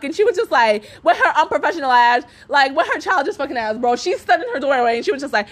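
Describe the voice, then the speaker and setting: Here a young podcast host launches into a ranting, profane storytime monologue, laughing along the way. She talks a little fast in a high, somewhat bright voice and is very animated.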